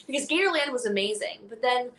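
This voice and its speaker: A young woman telling a story in casual chat, animated and laughing, acting out other people's lines. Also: on the high side, fast. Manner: animated, laughing, acts out quotes. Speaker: guest.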